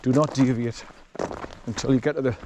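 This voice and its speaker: With a camera in hand, a man walks his dog along a forest track and chats casually for his vlog, rambling and chuckling often. His pitch is medium, his tone steady and his pace brisk. The background is noisy.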